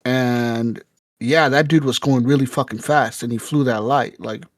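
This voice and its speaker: A male podcast co-host speaks unhurriedly in a steady, mid-range voice while casually recounting a story, acting out quotes amid frequent swearing and laughs. There's no echo on the recording.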